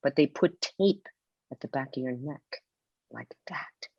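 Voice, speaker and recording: Older woman, deep voice, dramatic anecdotes, muffled video call. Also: measured pace, slightly rough, no echo. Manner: theatrical storyteller who acts out quotes. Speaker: guest author. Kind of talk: webinar conversation. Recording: dull lo-fi video call audio.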